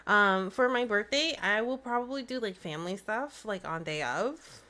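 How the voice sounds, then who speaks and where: A woman hosting a live stream, chatting in a bubbly, excitable way into a desk mic. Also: mid-range voice, normal speed. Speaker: livestream host. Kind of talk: casual live-stream chat.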